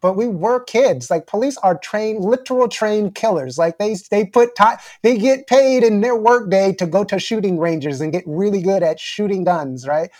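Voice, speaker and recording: A man in his forties, a guest author in a casual interview, talking with many fillers and restarts and growing animated as he makes his points. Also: high voice, moderate pace, few pauses, dry recording, studio quality. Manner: fluent but filler-heavy, frequent "like" and restarts; grows animated and intense when making a point.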